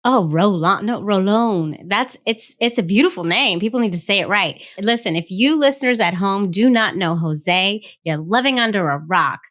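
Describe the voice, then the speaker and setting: A woman hosting a podcast in a casual, playful way, joking at her own expense and chatting warmly with her guest. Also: mid-range voice, expressive, normal speed, few pauses. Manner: playful, self-mocking, chatty. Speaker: podcast host.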